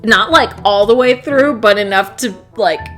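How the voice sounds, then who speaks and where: Bright-voiced young woman telling a profane story. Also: mid-range voice, normal speed, faint music behind. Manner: animated, profane, laughs often. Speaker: vlogger. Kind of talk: casual storytime vlog.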